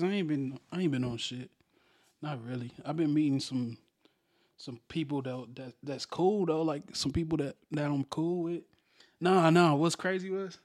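Young male podcast co-host, higher register, loose slangy storyteller. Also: darkish tone. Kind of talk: casual podcast chat.

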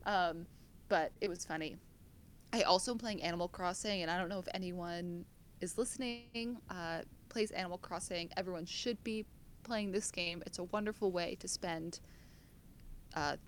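A young woman with an American accent and a somewhat low voice, talking in a loose, self-mocking way. She rambles and laughs often. A faint rumble sits under the recording. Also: normal speed. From United States. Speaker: podcast co-host. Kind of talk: casual chat.

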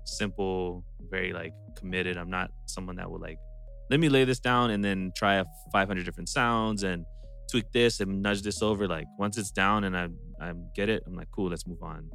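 A man's voice: sits low, moderate pace, creaky, a bit bright. A man who works as a music producer and engineer, talking casually, laughing often and acting out what artists say. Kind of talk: casual podcast chat.

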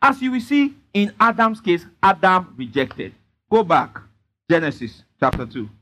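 A man preaches with a high-pitched voice. He leans hard on his points and keeps pressing the congregation to answer him back. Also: very animated, a little slow, fairly bright tone, a little hiss or hum. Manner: emphatic, repeatedly prompting the congregation. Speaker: pastor. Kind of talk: sermon with call-and-response.

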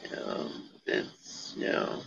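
A man's voice: takes it slowly, fairly bright tone. A man chatting casually and jokily over a call, rambling with playful sing-song asides. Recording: lo-fi call audio with faint noise.

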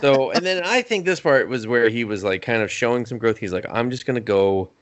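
A man co-hosting a podcast, recapping an anime episode in casual chat and acting out characters' lines in higher voices. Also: lively intonation, brisk. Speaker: podcast co-host.

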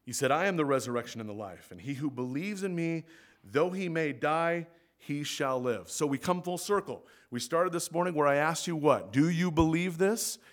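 Pastor guy preaching in church, kinda high voice, goes big and loud then drops real quiet. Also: expressive, moderate pace. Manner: swings between loud emphatic peaks and soft low asides. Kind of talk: sermon. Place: church sanctuary.

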